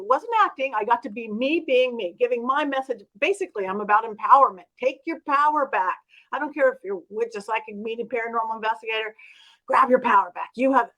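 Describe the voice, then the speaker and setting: A woman guest, a spiritual medium, telling stories in an interview with lively acted-out quotes. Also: high voice, poor audio. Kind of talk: storytelling interview.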